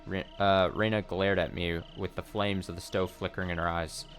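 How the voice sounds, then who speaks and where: A man hosting a let's play, reading a visual novel's text aloud in a steady voice with short wry asides. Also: sits low, normal speed, soft background music.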